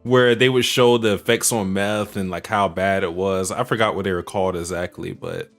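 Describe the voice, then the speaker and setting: Male co-host, lower voice, very expressive, rambling jokester, faint music behind. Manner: joking, rambling, quick to laugh. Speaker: podcast co-host. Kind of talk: casual podcast chat.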